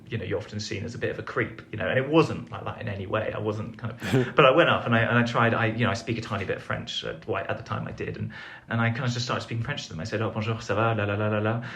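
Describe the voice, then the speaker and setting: Speaking fast with few pauses, this young man from England has a fairly low, slightly bright voice. As a podcast guest and foreign correspondent, he rambles through a self-deprecating story, stumbling over fillers and restarts in a casual storytelling interview.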